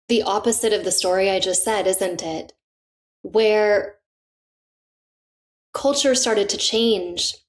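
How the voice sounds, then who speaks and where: A middle-aged woman, a podcast guest and author, telling stories with enthusiasm in casual conversation. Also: medium pitch. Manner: enthusiastic, animated, laughs often.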